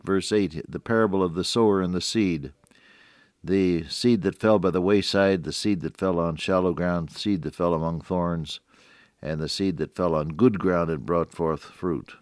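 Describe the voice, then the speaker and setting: A man's voice: sits low, no room sound, studio quality. An older man hosting a radio devotional, preaching in a folksy, earnest way with chuckles and asides.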